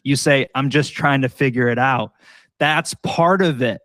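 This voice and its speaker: A man's voice: mid-range voice, unhurried, a bit bright, dry recording. Enthusiastic male podcast host, motivational and encouraging, dry recording. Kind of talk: casual podcast conversation.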